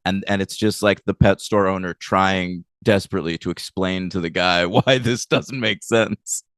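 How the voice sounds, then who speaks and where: A man co-hosting a podcast in relaxed casual chat, explaining things and laughing often. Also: deep voice, moderate pace, no echo, studio quality. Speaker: podcast co-host.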